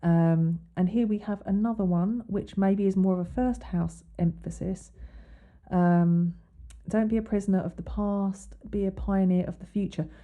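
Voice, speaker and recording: On an astrology podcast, a woman with a medium-pitched, steady voice speaks at normal speed over dull-sounding audio. Her casual explanatory monologue is chatty, peppered with ums and restarts, and includes quotes read aloud.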